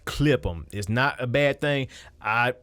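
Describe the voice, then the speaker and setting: A man's voice: mid-range voice, takes it slowly, fairly bright tone, dry recording. Casual man explaining beats, dry sound. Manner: loose and conversational, with fillers and restarts. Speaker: music producer. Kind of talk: casual screen-recorded beat-making tutorial.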